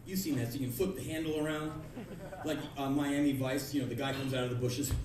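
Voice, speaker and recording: A man in his thirties giving a sarcastic, ranting spoken word monologue on a club stage, acting out the people he mocks with sudden shouts. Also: mid-range voice, fairly even intonation, fast, very noisy. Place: large concert club stage. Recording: echoey live club recording from a distance, crowd laughter.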